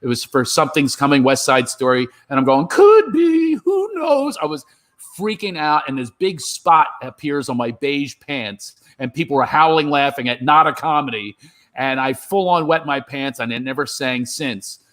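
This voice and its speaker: A man telling a lively comedy anecdote on a video call, acting out other people's voices as he goes. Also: medium pitch, moderate pace. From Philadelphia. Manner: animated storyteller, acts out voices. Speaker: comedian guest. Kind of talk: storytelling chat.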